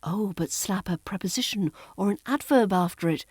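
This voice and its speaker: A woman with a Received Pronunciation accent, teaching as an accent coach in a scripted podcast, crisp and lightly playful as she draws out her example words. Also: mid-range voice, normal speed, a little mellow, dry recording, studio quality. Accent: Southern English (RP).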